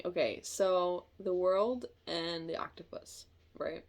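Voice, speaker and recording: Low-voiced chatty woman reading tarot. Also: steady tone. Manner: chatty, thinking aloud, quick to laugh. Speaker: tarot reader.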